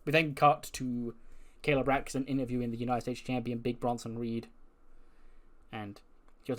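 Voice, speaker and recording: A man narrates his wrestling management game in a chatty, casual way. His voice sits at an ordinary male pitch. He walks through each scene as if telling a friend. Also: flat delivery, normal speed, long pauses, a bit bright. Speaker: let's play narrator.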